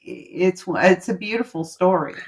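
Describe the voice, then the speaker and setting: Earnest lower-voiced woman telling stories. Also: animated, a little slow. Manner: earnest, heartfelt, repeats words for emphasis. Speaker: guest, relationship coach. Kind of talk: casual interview chat, storytelling.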